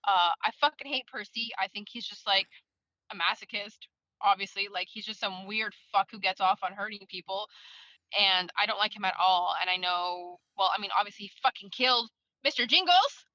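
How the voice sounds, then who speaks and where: Woman, casual rambling chat, swears a lot, bright voice, dry dull audio. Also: mid-range voice, normal speed, no room sound. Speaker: book club member.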